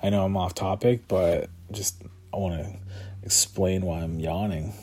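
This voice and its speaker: A man's voice: deep voice, fairly even intonation, measured pace, a little mellow, slightly rough. A man talking casually on his own, tired and yawning, rambling with lots of fillers and chuckling to himself. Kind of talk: casual solo talk about combat sports.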